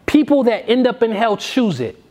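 A man delivers a sermon in an emphatic, repetitive cadence. His voice sits high for a man and rises and falls widely as he drives each point home. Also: very animated, normal speed, warm tone. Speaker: preacher.

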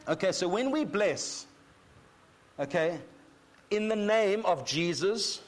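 A man teaching a Bible sermon in a conversational way, checking in with his listeners and reading scripture slowly. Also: sits high, expressive. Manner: conversational, often checking in with 'okay?'; reads scripture slowly and deliberately. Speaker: pastor.

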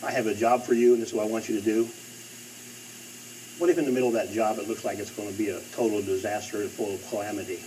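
A man's voice: on the low side, steady tone, fast talker, mellow, far from the mic, a little hiss or hum, poor audio. A male preacher delivering a sermon, emphatic and repeating phrases for stress.

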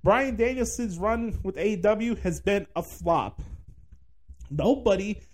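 Guy with a high voice ranting on his podcast, blunt and sweary, sarcastic. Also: lively intonation, slow pace, a little mellow. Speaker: podcast host. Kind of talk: casual wrestling commentary rant.

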